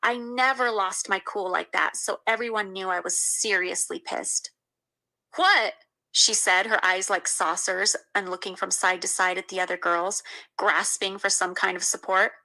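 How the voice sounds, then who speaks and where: A woman's voice: mid-range voice, fairly even intonation, normal speed, gravelly, pushed and bright, rough recording. A woman reading a first-person memoir aloud in an indignant storytelling manner. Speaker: memoir reader.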